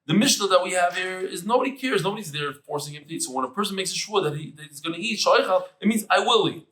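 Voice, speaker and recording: Animated man teaching Talmud, echoey room. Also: sits high, fast talker. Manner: animated, chatty, mixes Hebrew terms into English. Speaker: Daf Yomi teacher. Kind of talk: lively Talmud lecture. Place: room with tables and air conditioner.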